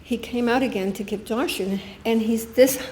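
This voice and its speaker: A woman's voice: on the high side, normal speed, a little mellow, a little hiss or hum. An older woman giving a guest talk, earnestly telling a personal story with quoted dialogue. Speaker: guest speaker. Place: spiritual center meeting room. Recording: echoey room with faint ambience.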